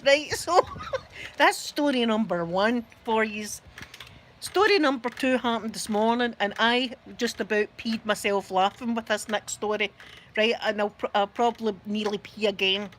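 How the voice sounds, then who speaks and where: A middle-aged Scottish woman hosting a live stream, telling funny stories in a casual, animated way and often laughing. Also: fairly high pitch, moderate pace, slight background noise. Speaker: livestream host. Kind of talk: casual storytelling.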